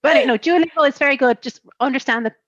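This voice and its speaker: A woman's voice: high voice, racing, no room sound, muffled recording. A woman with an Irish accent from Waterford, an author chatting animatedly in a casual interview. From Ireland. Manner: animated, chatty, swears and laughs. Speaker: author guest.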